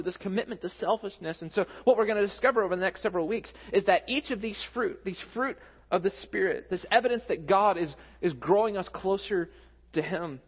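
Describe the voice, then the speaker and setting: A man in his thirties, a pastor preaching a sermon in a conversational, earnest way. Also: a little high. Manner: conversational, earnest, builds up when telling stories. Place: church hall. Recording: muffled with a long hall echo.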